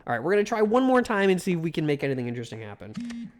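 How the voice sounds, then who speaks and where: A man's voice: high-pitched, sing-song, racing. A man streaming a video game live, giving casual commentary, joking and swearing as he talks back to the game.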